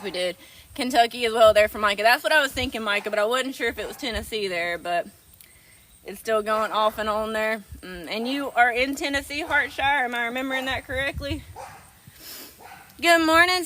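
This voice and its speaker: A woman's voice: high-pitched, sharp tone. A woman hosting a casual livestream, affectionately greeting viewers as darling. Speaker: livestream host.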